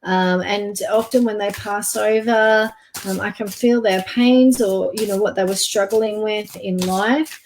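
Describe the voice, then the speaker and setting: A woman giving a psychic card reading on a live online stream. She talks softly and gently, halting often with fillers. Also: mid-range voice, steady tone, slight background noise. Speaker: psychic reader.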